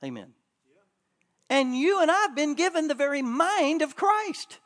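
A man preaching a sermon at a church conference, joking with the crowd and swinging between loud bursts and quiet asides. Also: extremely high pitch, expressive, measured pace.

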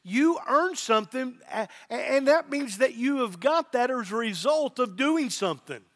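A man's voice: extremely high pitch, lively intonation, moderate pace, a bit bright. A middle-aged man, a pastor, preaching a sermon with emphasis and repeated phrases.

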